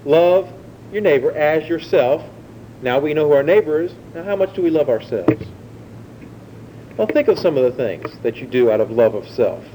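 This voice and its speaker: A man's voice: mid-range voice, sing-song, a little fast, warm tone, a little hiss or hum, poor audio. A man preaching a sermon, teaching in a conversational way and putting questions to his listeners.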